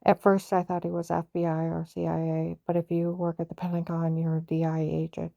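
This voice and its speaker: A woman's voice: lowish voice, completely flat delivery, a little fast, creaky, mellow, no room sound, muffled recording. A woman on a personal vlog, ranting in an agitated, emphatic way, repeating herself and rambling from point to point. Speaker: vlogger.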